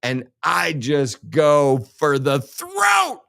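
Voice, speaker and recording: Slow-talking man in a profane rant. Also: fairly high pitch, wildly swooping pitch, vocal fry, bright, forceful tone. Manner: heated, sarcastic, swears constantly. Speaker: crypto podcast host. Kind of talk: profane ranting monologue.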